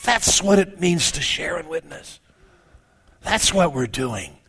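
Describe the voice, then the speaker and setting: An older male pastor with a high-sitting, husky voice preaches an animated sermon, speaking slightly raised. He slips into joking asides and quick corrections, then drives his point home again.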